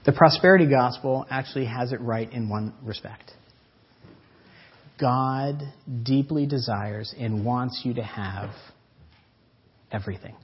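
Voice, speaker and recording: A man preaching a sermon as pastor, swinging between loud emphatic lines and soft drawn-out words. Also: mid-range voice, husky. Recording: dull lo-fi church audio.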